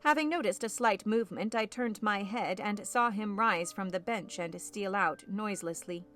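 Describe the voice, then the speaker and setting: A woman narrating a classic novel audiobook in a measured storytelling manner. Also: mid-range voice, a bit bright, faint music behind.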